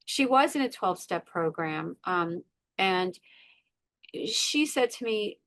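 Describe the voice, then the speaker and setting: A woman's voice: mid-range voice, expressive, slow, a bit bright. Earnest middle-aged woman telling her story. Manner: earnest, repeats words for emphasis, acts out her inner voices. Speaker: podcast guest. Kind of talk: personal story in conversation.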